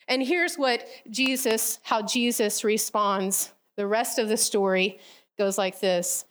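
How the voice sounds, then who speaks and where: A woman preaching a casual sermon, retelling a parable with lively storytelling and acted-out voices. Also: medium pitch, takes it slowly. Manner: animated storytelling, acting out the characters.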